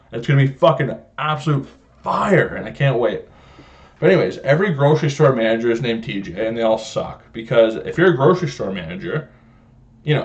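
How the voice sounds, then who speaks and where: A young man hosts his own podcast, ranting casually with constant swearing and bursts of laughter. His voice sits at an ordinary middle pitch. The audio is a little dull and lo-fi. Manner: profane, joking storyteller, laughs often. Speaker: podcast host. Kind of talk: casual solo podcast rant.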